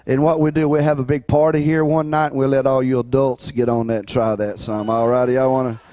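A man's voice: mid-range voice, flat delivery, a little fast, warm tone, no echo. A man, a pastor talking casually and rambling in folksy phrases during the church offering. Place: church sanctuary.

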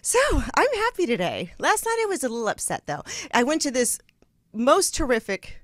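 A woman's voice: sits high, big pitch swings, normal speed, no room sound, clean studio sound. A woman hosting a talk show in a bubbly, giggly, rambling way. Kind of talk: casual chat.

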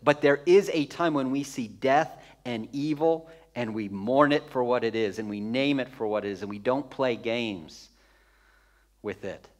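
A man's voice: mid-range voice, unhurried. A man preaching a sermon as pastor, conversational and emphatic, repeating phrases for effect with touches of humor.

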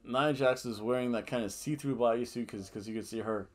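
A man hosting a casual wrestling review podcast, rambling and animated, often laughing and booing in mock outrage. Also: mid-range voice, fairly quick. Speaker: podcast host.

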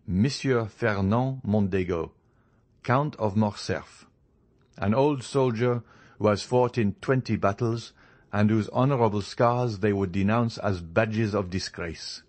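A man's voice: fairly low pitch, measured pace, darkish tone, natural voice. A man reading a proud young nobleman in a storybook, speaking coldly, formally and with determination. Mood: indignant.

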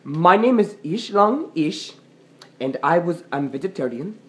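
A woman's voice: on the low side, expressive, a little slow. A woman ranting angrily to the camera as an upset customer, repeating herself and demanding "okay?" over and over. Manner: angry, repetitive, keeps demanding "okay?". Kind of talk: angry rant to camera.

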